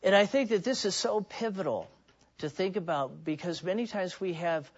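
A man's voice: high-pitched, expressive, moderate pace, dull audio. A man preaching a sermon in an earnest, personal way, often restarting and repeating words.

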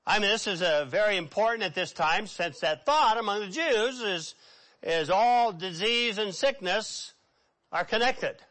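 A man preaching a sermon with dramatic swings between hushed and loud delivery. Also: sits high, measured pace.

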